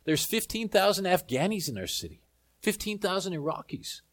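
A man from South Africa preaching a sermon, telling a lively story with humor. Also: high voice, normal speed.

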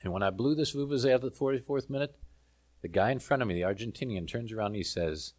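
A man from South Africa preaching a sermon, telling a lively story with humor. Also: medium pitch, fast.

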